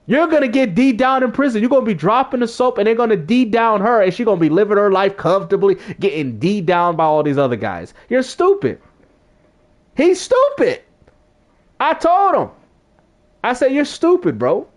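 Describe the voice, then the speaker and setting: Casual streamer man, high and swoopy, slangy storyteller who acts out every quote, faint background noise. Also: a little fast. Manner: animated, slangy, acts out quotes with big pitch jumps. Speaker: gaming streamer.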